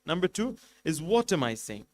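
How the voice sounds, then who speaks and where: Emphatic man preaching a sermon, pitched a bit high. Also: very animated, moderate pace. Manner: emphatic, numbered points, rhetorical questions. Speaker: sheikh giving a majlis lecture.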